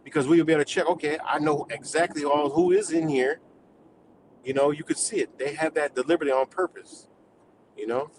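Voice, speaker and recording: Dude ranting live to his chat, kinda high voice, swears a lot, rambles on and on. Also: fairly even intonation, fairly quick, noisy background. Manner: rambling, profane, heated; talks to chat viewers. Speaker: live streamer. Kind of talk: live-stream rant.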